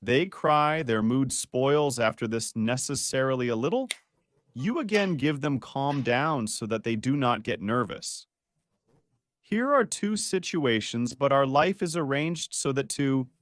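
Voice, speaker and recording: A man's voice: medium pitch, a little slow, no room sound. A man, a doctor, giving a playful video lesson on the spine and quizzing his viewers. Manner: lively, playful teaching with quiz questions to viewers. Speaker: doctor explaining spine health.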